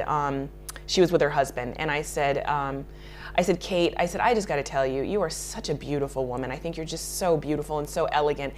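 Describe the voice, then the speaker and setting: A woman's voice: deep voice, slight background noise. A woman makeup artist answering interview questions in a chatty way, laughing often and restarting her sentences.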